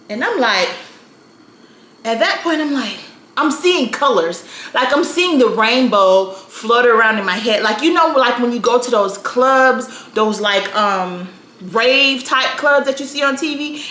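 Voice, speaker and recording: Animated, sassy woman telling a story. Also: on the high side, a little slow. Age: 30s. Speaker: storytime vlogger. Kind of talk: casual storytelling. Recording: roomy echo, faint ambience.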